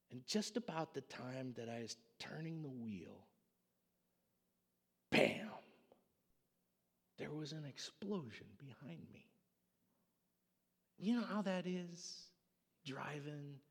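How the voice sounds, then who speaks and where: A man preaching a sermon, telling a dramatic story in an animated way. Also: medium pitch, slightly rough, in a large hall. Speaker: pastor.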